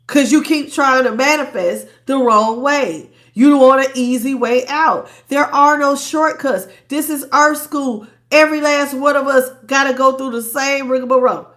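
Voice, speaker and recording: A woman's voice: fairly high pitch, fairly bright tone. A stuffed-up woman giving a blunt, preachy live tarot reading, talking in slang and greeting her chat viewers. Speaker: tarot reader.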